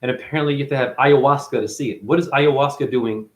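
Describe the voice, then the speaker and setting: A man's voice: mid-range voice, fairly even intonation, quick pace. A man giving a spiritual monologue as a teacher, preachy and profane, firing one rhetorical question after another.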